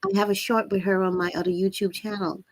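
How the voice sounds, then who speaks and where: A woman hosting a live-streamed spiritual talk, with a raspy voice and an earnest, preachy manner that repeats phrases for emphasis. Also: medium pitch, level tone, fast, dry recording. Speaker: channel host.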